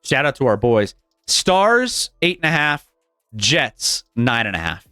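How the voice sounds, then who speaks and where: A man hosting a live sports betting stream in a casual, animated way, chuckling often and restarting his sentences. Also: medium pitch, a little slow, clean tone, dry recording, studio quality, faint music behind. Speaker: sports betting show host.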